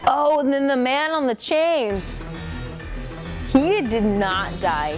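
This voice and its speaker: A woman's voice: on the high side, takes it slowly, music in the background. A tipsy woman hosting a comic movie recap, rambling and profane, with laughing asides. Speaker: host.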